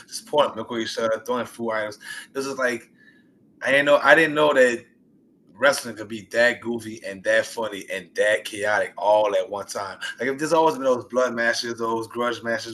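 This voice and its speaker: A young man, an indie wrestler, talking excitedly and rambling about his favorite matches in a casual interview. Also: mid-range voice. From US Gulf Coast. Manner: animated, rambling, excited storytelling.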